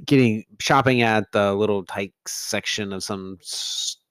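A man with a fairly low voice chats about a movie with his co-host. He is wry and asks a lot of questions, and he often trails off mid-thought. The sound is dry and close. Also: measured pace, a bit bright, clear, resonant tone, no room sound. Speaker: podcast co-host. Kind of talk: casual movie chat.

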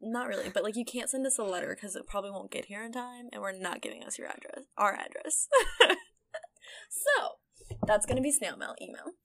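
A woman's voice: mid-range voice, expressive, brisk, a bit bright, no room sound. A young woman co-hosting a podcast in casual chat, bubbly and giggly, rambling through her thoughts. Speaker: podcast co-host.

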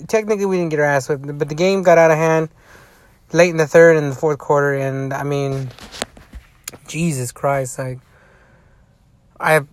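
A tired man in a casual vlog rant, rambling with heavy swearing and frequent restarts. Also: fairly high pitch. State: tired, yawning. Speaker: sports fan vlogger.

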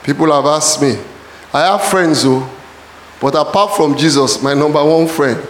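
A man preaching a sermon in a church, often shouting calls to the congregation. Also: a little high, moderate pace, background noise. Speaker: pastor. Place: church hall. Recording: echoey church hall.

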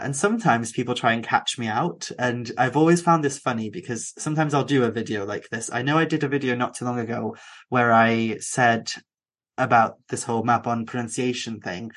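A young man with a Welsh accent, hosting a podcast and chatting casually, with quick asides and frequent restarts. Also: medium pitch, a bit bright. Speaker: podcast host. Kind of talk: casual conversation.

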